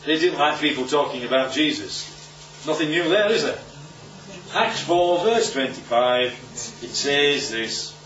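A man with a slightly high, slightly slow voice preaches sermon-style Bible teaching to a live audience, delivering it emphatically and with energy while tossing in rhetorical questions to check in. The recording is echoey, distant and muffled, as if captured across a room, with a faint hiss or hum.

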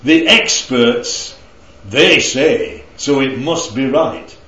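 A man's voice: mid-range voice, animated, extremely slow, pushed and bright. A man leading a group Bible study, teaching interactively and keeping the group involved with frequent check-ins. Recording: roomy, slightly dull recording.

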